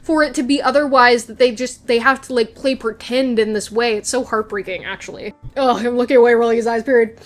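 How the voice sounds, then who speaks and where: A woman's voice: a little high, a little fast, hardly any pauses, soft background music. A young woman vlogger chatting casually and gushing as she recaps a TV episode, slipping into quoted lines. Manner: gushing, animated, quotes characters in voices.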